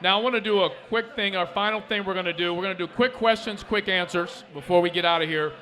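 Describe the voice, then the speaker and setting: A man hosting a sports podcast with a high, bright voice, joking and animated as he fires off quick questions. He is recorded live in a restaurant. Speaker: podcast host. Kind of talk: casual interview.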